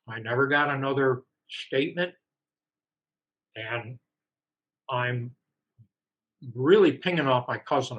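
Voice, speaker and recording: An author casually tells the story of his dealings with a publisher, sounding exasperated and sometimes imitating how the staff replied. His voice is mid-range with a fairly bright tone, and the sound is lo-fi.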